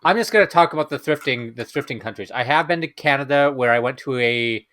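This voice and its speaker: A man co-hosting a podcast in casual chat, halting, with many filler pauses. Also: mid-range voice, lively intonation, a bit bright. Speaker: podcast co-host.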